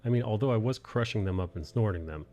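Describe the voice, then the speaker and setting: Low-voiced man, rambling stream host. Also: fast talker, a little mellow, highs cut off. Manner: rambling, laughs often. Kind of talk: casual chat.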